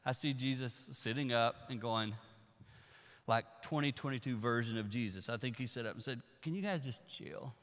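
A man preaching a sermon, telling the story in an animated way that swings from hushed to loud. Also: mid-range voice, moderate pace. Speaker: pastor. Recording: echoey hall.

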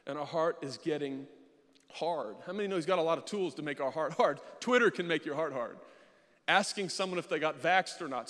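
A male pastor giving an animated sermon, mixing casual asides with loud acted-out bursts. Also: fairly high pitch, big-room sound. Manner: animated preaching with sudden loud mimicking bursts.

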